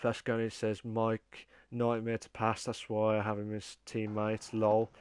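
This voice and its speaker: A man hosting a live-streamed racing podcast in a smooth, clear voice. He rambles with plenty of ums and restarts and reads viewer comments aloud. The sound is dry and close. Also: on the low side, completely flat delivery, measured pace, a little mellow, no room sound. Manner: rambling, lots of fillers and restarts. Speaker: podcast host.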